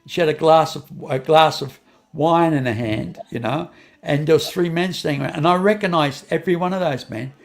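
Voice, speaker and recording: Gravelly older man telling a story. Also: on the high side, a little fast. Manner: rambling, repeats phrases and restarts, acts out dialogue. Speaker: guest. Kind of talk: personal storytelling in an interview.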